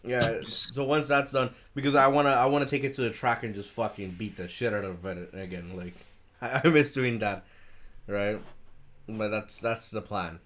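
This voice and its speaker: A man co-hosting a casual podcast over a video call, talking loosely and excitably, swearing and laughing often. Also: fairly low pitch, normal speed, a little hiss or hum. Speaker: podcast co-host.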